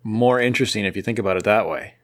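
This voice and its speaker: A man's voice: on the low side, fast talker, a bit bright. Playfully argumentative podcast man. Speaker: podcast co-host. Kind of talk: casual comic book discussion.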